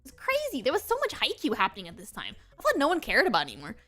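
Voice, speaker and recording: A young woman chatting on a casual stream, excitable and rambling, with many "like"s. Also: sits high, very fast, soft background music. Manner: excitable, rambling, heavy use of "like". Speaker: VTuber streamer.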